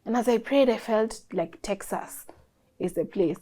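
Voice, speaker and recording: A woman's voice: fairly high pitch, a little slow. Woman telling a story. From Kenya. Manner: animated storyteller, acts out quoted dialogue. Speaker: interview guest. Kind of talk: storytelling in an interview.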